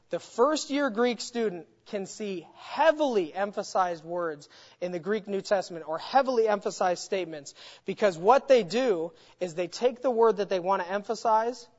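At a mid pitch and normal speed, an adult Bible teacher delivers an expository lesson, emphasizing key words and developing each point through repetition. The slightly mellow voice echoes with a long hall reverb. The recording sounds dull and lo-fi.

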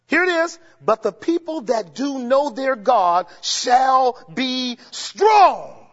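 A man preaching a sermon, emphatic, swinging between shouts and low murmurs and asking the congregation rhetorical questions. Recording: dull sound with long hall reverb.

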